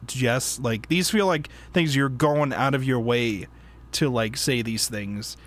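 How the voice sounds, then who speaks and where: A man's voice: medium pitch, slow pace, a bit bright. A man hosting a casual book club chat, rambling with lots of fillers, laughing and breaking off mid-sentence. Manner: rambling, laughing, frequent fillers and self-interruptions. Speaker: podcast host.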